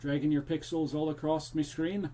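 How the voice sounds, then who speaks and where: Chatty man streaming a game, slightly high voice. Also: level tone, normal speed, mellow. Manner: chatty, talks to the viewers while playing, drifts into a jokey pirate-ish accent. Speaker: streamer playing a horror game. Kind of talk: casual live-stream commentary.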